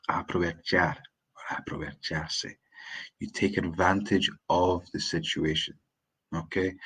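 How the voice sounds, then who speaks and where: A man with a Scottish accent giving an unscripted live-stream English lesson, chatting with hesitant restarts and slowing down for his examples. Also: low voice, slightly rough, low-quality recording. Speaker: English teacher.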